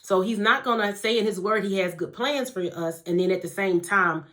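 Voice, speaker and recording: A woman giving a casual devotional talk as a faith teacher, speaking to her listeners like family and moving between soft asides and emphatic lines. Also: medium pitch, normal speed. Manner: warm conversational preaching, addresses listeners as family and honey.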